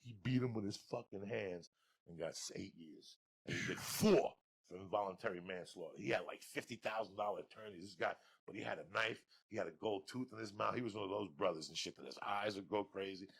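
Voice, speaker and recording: A middle-aged man telling crude, profane comic stories on a podcast, loud and laughing, jumping from shouts to low mutters. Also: brisk, creaky, breathy edge. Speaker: podcast guest storyteller. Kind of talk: profane comedic storytelling.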